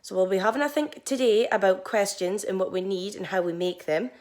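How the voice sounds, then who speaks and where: In a home learning grammar lesson for young children, a young primary teacher stands at a whiteboard, explaining things clearly, patiently and with encouragement. She speaks briskly in a mid-range voice with a darkish tone.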